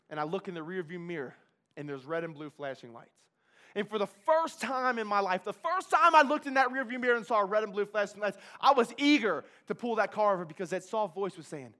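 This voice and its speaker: A man with a fairly high voice giving a spoken testimony, intense and emotionally charged. He repeats phrases for emphasis and swings from loud urgency to hushed, low moments. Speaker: speaker giving a personal testimony.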